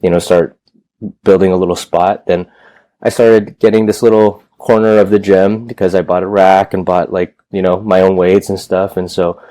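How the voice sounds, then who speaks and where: A man's voice: deep voice, little pitch movement, moderate pace, mellow, no echo. A man in his thirties, a gym owner telling his story in a loose, rambling way, with casual swearing. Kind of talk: casual interview chat.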